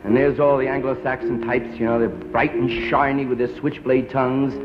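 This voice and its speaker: A man's voice: medium pitch, level tone, moderate pace, over loud music. Hip-talking man on old TV. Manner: hip jive slang, laid-back. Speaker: stand-up comedian. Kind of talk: stand-up routine. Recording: dull lo-fi 1950s TV broadcast.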